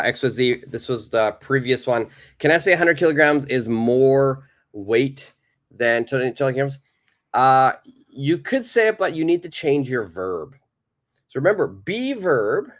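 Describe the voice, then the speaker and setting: A man teaching an English grammar lesson in a live online class, explaining slowly and patiently, repeating key points and answering viewer questions. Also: mid-range voice.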